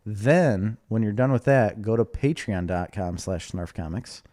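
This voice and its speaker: A man's voice: on the low side, expressive, a little slow, warm tone. A man from the Chicago area co-hosting a podcast, bantering casually and slipping into mock accents. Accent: Chicago-area American. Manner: joking, breaks into mock Chicago-Italian voice. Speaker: podcast co-host.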